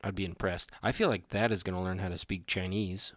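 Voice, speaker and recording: A young adult man co-hosting a podcast, telling animated, rambling stories in casual chat. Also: low-pitched, fairly quick, dry recording, clean studio sound. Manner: rambling, animated storytelling with restarts. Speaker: podcast co-host.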